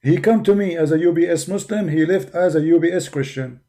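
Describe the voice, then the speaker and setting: This is an argumentative man with an Arabic accent, preaching in English as his second language. His voice sits fairly high but sounds dark and mellow. It has a gravelly, fry-laden texture. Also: fairly quick. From Arab world. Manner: forceful, argumentative, with non-native grammar. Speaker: religious debater. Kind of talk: preaching monologue.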